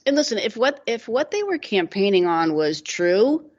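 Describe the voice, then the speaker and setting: A woman's voice: medium pitch, big pitch swings, moderate pace. A middle-aged woman, co-hosting a radio talk show and telling stories in a rambling, casual way full of "like" fillers. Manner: rambling, laughing storyteller with many "like" fillers. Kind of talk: casual storytelling chat. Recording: dull lo-fi radio sound.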